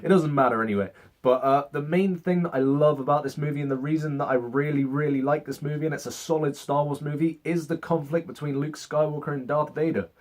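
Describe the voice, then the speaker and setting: A man's voice: fairly high pitch, fairly even intonation, a little fast. Sarcastic young man reviewing a movie. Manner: sarcastic, swears, acts out scenes in mock voices. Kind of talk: casual spoken movie review.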